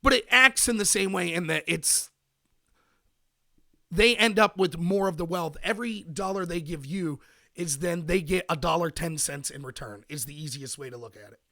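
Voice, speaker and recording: A man's voice: on the high side, normal speed, pushed and bright. An American man hosting a political commentary show, ranting emphatically and answering his chat. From United States. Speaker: podcast host.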